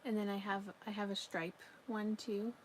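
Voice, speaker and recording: A woman who crochets on a live stream talks casually from home, reading out comments from viewers, occasionally yawning, and addressing her pet between them. She speaks in a mid-range voice with a level tone and moderate pace. The audio is rough, with slight background noise.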